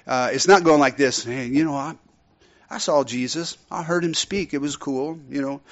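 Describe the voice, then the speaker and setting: A male pastor preaching a conversational, folksy sermon full of asides to his congregation. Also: a little high. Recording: dull lo-fi sound.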